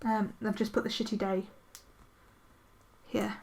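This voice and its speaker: A woman's voice: medium pitch, steady tone, moderate pace, pauses often. A woman chatting casually as she decorates her planner, rambling and poking fun at herself. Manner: chatty, self-deprecating, rambling with fillers. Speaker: planner vlogger. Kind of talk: casual chatty narration while crafting.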